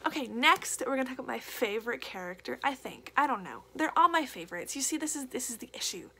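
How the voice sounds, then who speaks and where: A woman's voice: sits high, big pitch swings, fast talker, creaky, pushed and bright, husky. A young woman reviewing a book in a casual vlog, gushing and emotional, repeating herself with lots of fillers.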